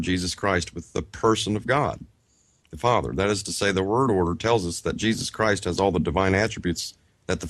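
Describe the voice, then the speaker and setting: A man co-hosting a Bible Greek study show. He reads from a grammar textbook in measured phrases, sounds out Greek words slowly, and breaks off into chatty asides. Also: low voice, fairly bright tone, no echo. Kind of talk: reading a grammar textbook aloud and explaining it.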